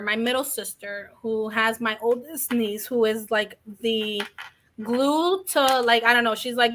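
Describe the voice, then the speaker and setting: Bright-voiced woman sharing her story. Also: on the high side. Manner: open, rambling, quotes others in little acted lines. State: coughing from asthma. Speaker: guest. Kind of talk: candid personal story in an interview.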